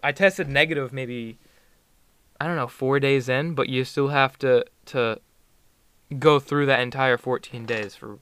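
A man's voice: mid-range voice, unhurried, fairly bright tone, smooth, dry recording. A teenage boy chatting casually in an interview, rambling with many fillers and restarts. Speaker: student athlete guest.

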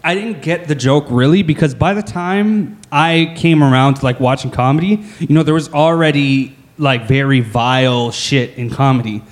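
A man's voice: a little high, normal speed, hardly any pauses. Crude laughing podcast host, man. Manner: crude, laughing, rambling with fillers. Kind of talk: casual comedy podcast banter.

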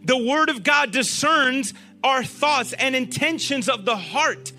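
A man preaching a sermon to a group, animated and often asking them questions. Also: extremely high pitch, takes it slowly, faint music behind.

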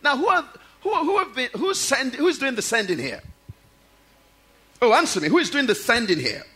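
A man's voice: very high-pitched, big pitch swings, normal speed, pushed and bright, slightly rough. A man preaching a sermon, reading scripture and telling stories, asking the congregation rhetorical questions.

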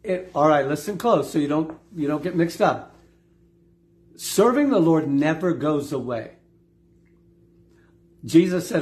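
Emphatic male preacher, slightly high voice. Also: lively intonation, unhurried, long pauses, a little mellow. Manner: emphatic, repeats key phrases, asks the congregation questions. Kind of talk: sermon.

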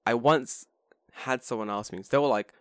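A man from England chatting casually and telling a funny story, swearing freely and putting on high squeaky voices to mimic people. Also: normal speed, a bit bright, dry recording, clean studio sound. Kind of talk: casual chat.

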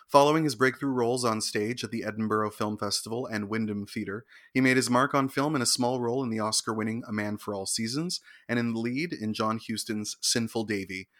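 A male co-host with a bright, forceful voice reads out birthday bios in a crisp, brisk delivery. His occasional wry asides keep it light. The sound is dry and close, as from a studio. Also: lowish voice, dry recording. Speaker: co-host reading celebrity birthdays. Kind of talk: scripted entertainment segment with banter.

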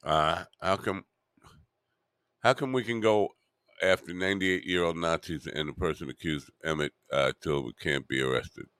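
A man's voice: low-pitched, moderate pace, a bit bright, smooth, dry recording, studio quality. A man hosting a podcast alone, rambling and muttering to himself with wry asides. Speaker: podcast host.

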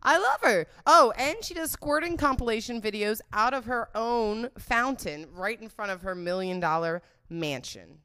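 A woman's voice: a little high, lively intonation, normal speed, few pauses, sharp tone, clean tone. A young adult woman hosting a podcast in casual chat, crude and rambling, slipping into mocking voices when she quotes people. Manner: mocking put-on voices when quoting others. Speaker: podcast host.

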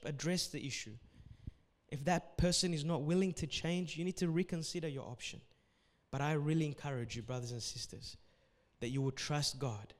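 A man's voice: medium pitch, long reverb tail. A man preaching as pastor at a church service, giving earnest, repetitive exhortations and closing with a prayer.

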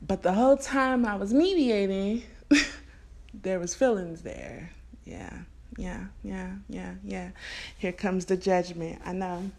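A woman's voice: medium pitch, slow, gravelly, a little mellow. Casual, laughing woman telling a story. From California. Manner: casual, slangy and frank, laughing often. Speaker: storyteller vlogger. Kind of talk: candid storytime monologue.

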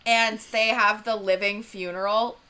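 A woman's voice: mid-range voice, fairly even intonation, unhurried, sharp tone, smooth. A woman in casual movie chat, retelling scenes in a rambling, giggly way. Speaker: podcast co-host.

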